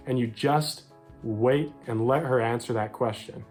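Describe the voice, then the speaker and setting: Faint music plays behind a young American man giving dating advice to men straight to camera. He's upbeat and direct, acting out brief quoted lines, though his mid-range voice is unhurried and a touch mellow.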